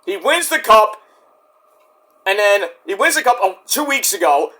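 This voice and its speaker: A man's voice: high voice, big pitch swings, unhurried, pushed and bright. A man reviewing a wrestling show in a casual solo rant, sarcastic and profane, mocking the wrestlers. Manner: sarcastic, profane, mocks wrestlers in put-on voices.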